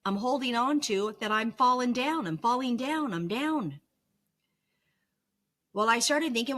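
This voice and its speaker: A woman's voice: fairly high pitch, animated, moderate pace, bright, forceful tone. A middle-aged woman talking candidly in a personal vlog from her bedroom, earnest and confessional with flashes of self-mocking humor. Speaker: vlogger sharing her illness recovery. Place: home bedroom.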